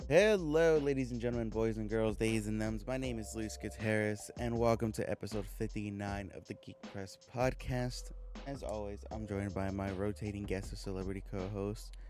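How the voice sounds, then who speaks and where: A man's voice: lowish voice, steady tone, moderate pace, darkish tone, soft background music. A man hosting a podcast in casual chat, playful and blunt with showy introductions. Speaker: podcast host.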